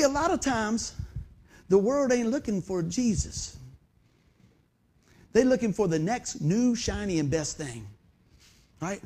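High, lively-voiced male preacher. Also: normal speed, long pauses. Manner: animated folksy preaching with rhetorical questions. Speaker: pastor. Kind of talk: sermon.

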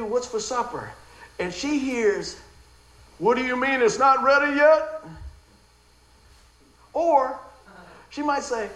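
A middle-aged man preaching a sermon, telling stories in an animated way with frequent laughter. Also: high voice. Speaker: pastor. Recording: echoey room with faint background noise.

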